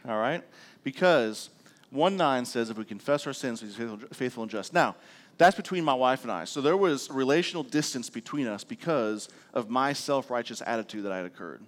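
Pastor with conversational check-ins. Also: male voice, mid-range voice, expressive, normal speed. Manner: conversational, self-deprecating storytelling with frequent "all right?" check-ins. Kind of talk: sermon.

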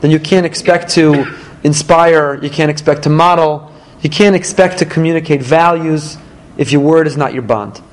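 A middle-aged man teaching a lively Torah lesson to a small live audience, talking emphatically and often jumping into high-pitched quoted voices. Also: moderate pace, low-quality recording. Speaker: rabbi teaching a class. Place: room with a small listening audience.

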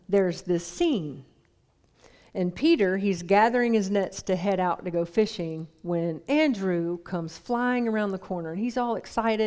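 A woman's voice: medium pitch, darkish tone. A woman preaching a sermon in a conversational way, putting questions to the congregation.

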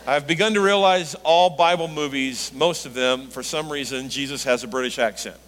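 Animated pastor preaching in a reverberant hall. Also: male voice, moderate pace, a little hiss or hum. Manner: animated, rising into emphatic high pitch on quoted lines. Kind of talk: sermon.

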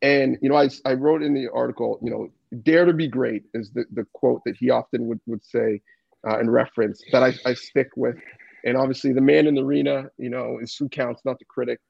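A man's voice: medium pitch, fairly even intonation, brisk, gravelly, slightly rough, no echo, highs cut off. A man, a former player turned journalist, giving an earnest, thoughtful tribute on a podcast.

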